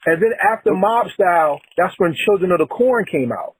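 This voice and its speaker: Husky-voiced podcast host, keen. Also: male voice, sits high, expressive, moderate pace, poor audio. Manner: enthusiastic, runs through lists of names. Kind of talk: casual conversation.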